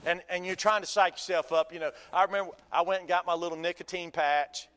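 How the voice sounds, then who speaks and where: A folksy male pastor preaching with a high, bright voice. He keeps the sermon animated with humor and questions to the congregation. His voice rings out with a long hall reverb, as in a church sanctuary. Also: quick pace, a little hiss or hum.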